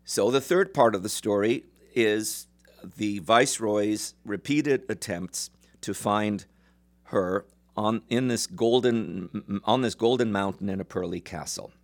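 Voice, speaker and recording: A man lecturing as he retells a traditional folk tale in a measured way, with some fillers. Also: fairly low pitch. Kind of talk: storytelling lecture.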